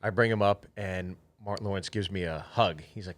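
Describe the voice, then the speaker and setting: A man co-hosting a podcast in relaxed, casual chat, swearing now and then. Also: sits low, brisk, no echo. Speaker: podcast co-host.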